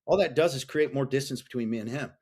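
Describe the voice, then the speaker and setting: A middle-aged man talking as a guest on a podcast over a call, blunt and intense, swearing freely and asking himself rapid questions. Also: mid-range voice, a little mellow, husky. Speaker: podcast guest, fathers' coach. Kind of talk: candid podcast conversation. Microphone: remote call.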